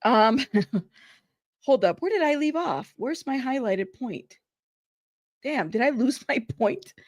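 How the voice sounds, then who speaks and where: A woman's voice: high voice, lively intonation, takes it slowly, dry recording, clean studio sound. A woman host reading court transcripts aloud and breaking off into casual, chatty commentary, laughing often and talking straight to her viewers. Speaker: host of a news commentary channel.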